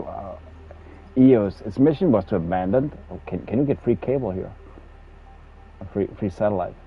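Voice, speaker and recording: Danish guy gaming stream, lowish voice, keeps stuttering on words, dull audio w faint music. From Denmark. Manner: chatty, stammering with many repeated words. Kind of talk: casual chat while playing a game.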